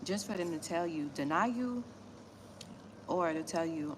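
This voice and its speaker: A woman's voice: lowish voice, animated, a little slow, long pauses, background noise. A woman from Miami with a Southern US accent, chatting casually and bluntly with viewers about small business grants on a livestream. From Miami, Florida, USA. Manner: blunt, slangy, talks straight to viewers. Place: West Africa.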